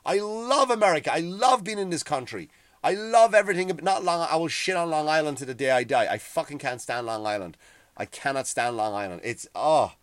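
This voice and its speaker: A middle-aged man with an Irish accent, hosting a profane, heated ranting monologue that grows loud and high when he gets worked up. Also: expressive, brisk, no room sound. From Ireland. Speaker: podcast host.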